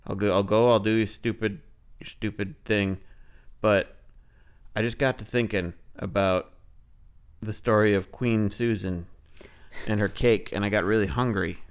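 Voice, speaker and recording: A man's voice: on the low side, fairly even intonation, a little slow, smooth. A man voicing a grumpy talking cattle in an improvised bedtime story, stubborn and complaining.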